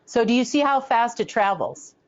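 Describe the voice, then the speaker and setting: A woman telling a long, rambling story casually, full of fillers and lively put-on voices. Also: a little high, moderate pace. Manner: rambling, filler-heavy, slips into animated impressions. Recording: dull lo-fi recording.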